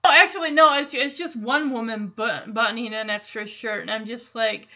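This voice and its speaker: A woman's voice: on the high side, normal speed, bright, forceful tone. A woman hosting a podcast who recaps a sitcom episode in a chatty way, laughs often and acts out the lines she quotes. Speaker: podcast host. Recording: muffled lo-fi recording.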